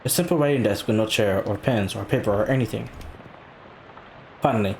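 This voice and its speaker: Low-voiced male gamer reading aloud. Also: vocal fry, slight background noise. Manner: casual, reads text aloud, quick reactions. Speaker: gaming channel host. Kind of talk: let's play commentary, reading game text aloud.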